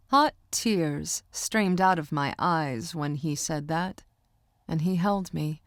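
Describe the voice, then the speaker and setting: Woman narrator, measured first-person reading, dry close studio sound. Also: sits low, dry recording. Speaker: audiobook narrator.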